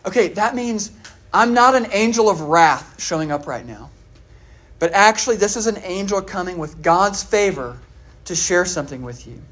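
With an expressive, slightly bright mid-range voice at normal speed, a preacher speaks conversationally through his sermon. He poses questions to his listeners and repeatedly uses "uh" and "all right" as fillers.

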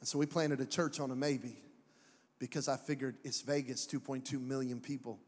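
Animated preacher in an echoing hall. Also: male voice, medium pitch, normal speed. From Mexican heritage. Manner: animated, jokey preaching with put-on voices. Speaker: pastor. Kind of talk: sermon. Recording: echoey hall with long reverb.

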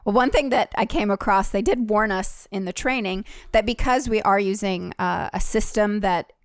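A woman's voice: medium pitch, normal speed, dry recording, studio quality. A woman co-hosting a podcast, telling a story in casual chat and acting out voices, with frequent laughs. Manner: chatty storyteller, acts out voices, laughs often. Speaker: podcast co-host.

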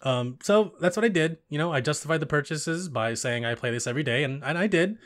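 A man's voice: on the high side, expressive, brisk, a bit bright. A young man in casual chat about video games, rambling with many fillers and frequent laughter.

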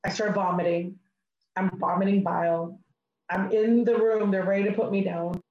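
Animated woman storyteller, echoey room. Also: mid-range voice, normal speed, lo-fi sound, a little hiss or hum. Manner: animated, acts out dialogue. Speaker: interview guest. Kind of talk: personal storytelling.

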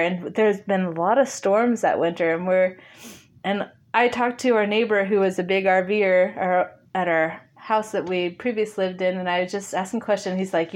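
Animated woman telling a story. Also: mid-range voice, normal speed. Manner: animated, laughs often, acts out dialogue. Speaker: interview guest. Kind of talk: casual storytelling.

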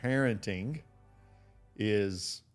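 A man's voice: fairly low pitch, drawn-out words, faint music behind. A man co-hosting a faith podcast who asks questions and tells stories in a casual chat. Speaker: podcast co-host, men's ministry leader.

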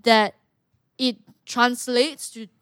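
A young woman from Malaysia, a fighter telling stories as a guest in a casual interview, animated and quick with asides. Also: a little high, smooth, no echo, clean studio sound. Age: young adult. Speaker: guest, mixed martial artist.

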